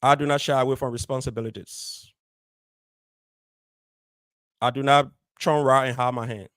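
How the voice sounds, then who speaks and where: On his community show, an adult married radio host addresses listeners directly, stressing his words firmly and repeating key phrases. He speaks fairly quickly in a steady, mid-range voice that's a bit bright, with no echo.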